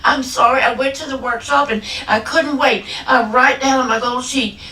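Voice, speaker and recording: A woman's voice: high voice, fairly even intonation, moderate pace, bright, forceful tone, voice pushed up. A woman voicing a tearful, flustered woman caller who apologizes in a rush, recorded in an echoey hall from a distance.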